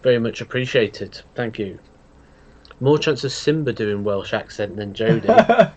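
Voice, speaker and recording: A relaxed man hosts a live darts watch-along, chatting casually and thanking viewers for their donations. His voice sits at a middle pitch. The audio sounds a little muffled and lo-fi. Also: a little slow. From England. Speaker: host. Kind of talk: casual live-stream chat.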